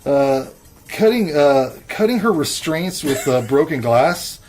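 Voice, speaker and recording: A man's voice: fairly high pitch, lively intonation, takes it slowly, a little mellow, faint music behind. A man co-hosting a podcast in casual chat, blunt and profane, laid-back, with many fillers. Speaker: podcast co-host reviewing horror films.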